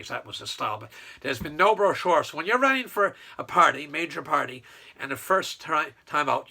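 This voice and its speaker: A man ranting casually about local politics, rambling and scornful, with loud mocking outbursts. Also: on the high side, creaky. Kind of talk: casual political rant to camera.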